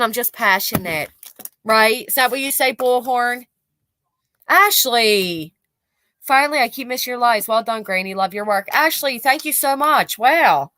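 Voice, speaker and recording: A woman's voice: high voice, bright, forceful tone, no room sound. A woman hosting a livestream, commenting bluntly and angrily with profanity while reading out chat messages. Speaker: commentary channel host.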